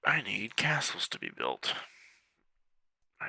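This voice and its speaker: A man with a gravelly, very bright and cutting voice talks through a strategy game in a casual, chatty way, often muttering under his breath as he clicks. He has the hiccups. The sound is close and dry, with no room around it. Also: mid-range voice, very animated, takes it slowly, long pauses, dry recording. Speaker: game walkthrough creator. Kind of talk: casual gameplay commentary.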